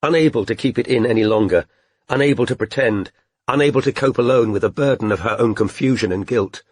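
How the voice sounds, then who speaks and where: Reading scripted audiobook narration, a man tells the story in a steady, measured way. His mid-range voice is slightly rough, and the sound is dry and clean, like a studio.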